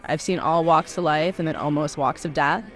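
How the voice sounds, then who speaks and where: A woman's voice: sits low, fairly even intonation, normal speed. A woman who owns a bar, speaking casually in an interview with frequent ums. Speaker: bar owner. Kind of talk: interview soundbites.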